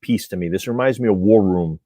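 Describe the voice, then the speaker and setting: A man co-hosting a toy news livestream, excitedly praising figures and often breaking off mid-word. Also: fairly low pitch, no echo. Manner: excited, halting, trails off and restarts words. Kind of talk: casual chat.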